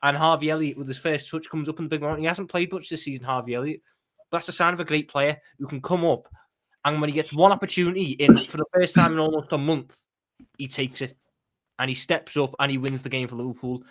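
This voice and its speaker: Emphatic fan, fairly high voice. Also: male voice. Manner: fast, emphatic, repeats words when excited. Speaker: panel guest, football fan. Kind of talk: passionate match analysis.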